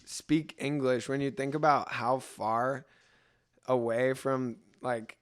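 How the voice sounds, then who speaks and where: Chill young dude on a podcast, smooth clear voice, rambly slangy way of talking. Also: male voice, mid-range voice, steady tone, takes it slowly. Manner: laid-back slangy storyteller, lots of "like" and "dude". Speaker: podcast guest. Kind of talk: casual chat.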